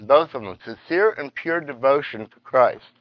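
A man teaching a Bible study lesson, halting and restarting often and reading scripture passages aloud. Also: medium pitch, animated, no echo, dull audio.

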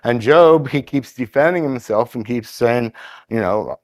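A man giving a sermon in an easy, conversational way, often pausing and restarting his sentences. When he reads scripture aloud, his cadence turns steadier. The sound is dry, with no room echo. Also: mid-range voice. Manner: conversational, hesitant with fillers and restarts. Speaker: preacher.

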